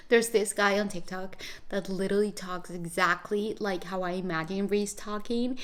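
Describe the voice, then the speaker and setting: A woman in her twenties chatting excitedly in a casual vlog from her bedroom, gushing and rambling with lots of fillers. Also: mid-range voice, measured pace, long pauses. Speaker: vlogger.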